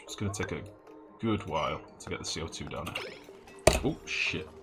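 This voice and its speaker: A man's voice: low voice, moderate pace. A man giving casual live commentary while playing a game, thinking aloud, swearing freely and chatting with his viewers. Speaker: gaming streamer. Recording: game music under the voice.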